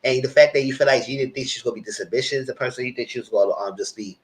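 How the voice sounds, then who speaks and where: Guy casually recapping a tv episode, rambly and chatty, medium pitch. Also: very fast, low-quality recording. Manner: chatty, rambling, slips into character voices. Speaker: TV review host.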